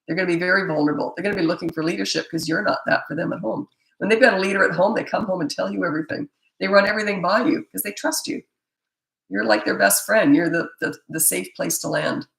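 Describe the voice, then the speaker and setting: Blunt woman with a gravelly voice. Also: fairly low pitch, fast talker, a bit bright. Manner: blunt, emphatic, opinionated. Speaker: parenting coach. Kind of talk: answering viewer questions. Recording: echoey room.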